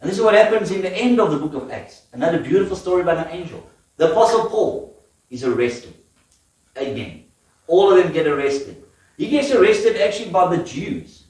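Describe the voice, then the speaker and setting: A man's voice: high-pitched, animated, fairly quick, a little mellow, recorded from a distance. A man preaching a sermon in a church, telling stories with laughter and questions to the congregation. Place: church hall. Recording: echoey church hall from afar.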